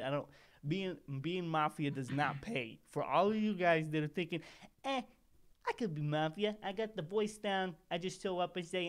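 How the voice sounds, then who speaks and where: A man's voice: fairly high pitch, lightly acted. A man voicing a poor, rambling small-time mafia henchman who talks like a tough guy and keeps digressing, as a comedic monologue.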